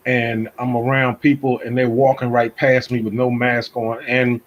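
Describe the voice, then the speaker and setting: Philly-accented man, husky, lively and chatty, casual interview host. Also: medium pitch, moderate pace, highs cut off. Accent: Philadelphia. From Philadelphia. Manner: animated, self-deprecating, repeats phrases.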